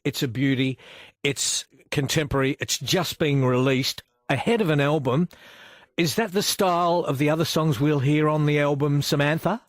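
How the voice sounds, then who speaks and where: Eager radio host, dry close sound. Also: male voice, fairly high pitch, moderate pace, no echo. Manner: enthusiastic, rambling questions with restarts. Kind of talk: radio interview. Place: radio studio.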